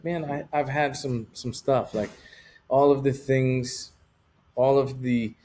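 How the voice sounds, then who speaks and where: A man's voice: mid-range voice, a little mellow. A man talking as an interview guest, telling a personal story in a candid, rambling way with lots of casual fillers.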